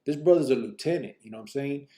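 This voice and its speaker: A man's voice: medium pitch, quick pace, dark tone. A man telling his own story on a podcast in casual street slang, rambling with many fillers and acting out other people's lines.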